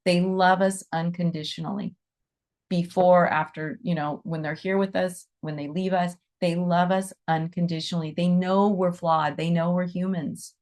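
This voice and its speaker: A middle-aged woman with a slightly low voice teaches in an earnest, soothing way. She talks casually and keeps checking in with her listeners. Her delivery is warm and unhurried. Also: steady tone. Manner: earnest, soothing, with frequent "right?" and "you know". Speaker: animal Reiki teacher. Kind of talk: informal teaching talk.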